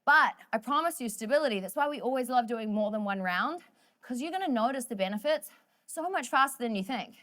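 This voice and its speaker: A woman's voice: fairly high pitch, animated, fairly quick, bright, forceful tone. A woman leading a workout class, cheering people on, cracking jokes and counting down the final seconds of each set. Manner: upbeat, joking, counts down reps. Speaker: fitness instructor. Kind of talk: energetic workout coaching.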